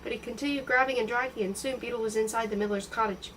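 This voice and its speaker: Woman reading a storybook aloud, fairly high. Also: fast, distant mic, a little hiss or hum, low-quality recording. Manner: steady, expressive reading. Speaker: audiobook reader.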